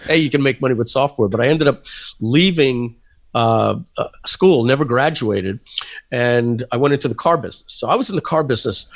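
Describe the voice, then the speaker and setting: A man telling stories as a podcast guest, lively, and acting out the people in them. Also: medium pitch, fairly quick. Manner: animated storyteller, acting out voices. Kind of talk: casual storytelling interview.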